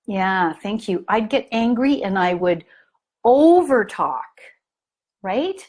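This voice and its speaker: A woman's voice: medium pitch, slow. A middle-aged woman coaching parents in a live training talk, telling stories and acting out the people in them. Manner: animated storytelling, acts out scenes in lively voices.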